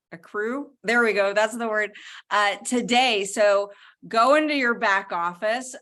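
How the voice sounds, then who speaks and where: A woman giving practical instructions on a call, pausing with fillers as she finds words. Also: medium pitch, a bit bright. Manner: unhurried, searching for words.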